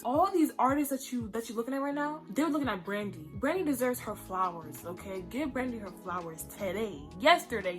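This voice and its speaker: A twenty-year-old woman from the United States giving casual, emphatic show recommendations on her vlog, full of slang and repeated phrases. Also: on the high side. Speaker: YouTuber.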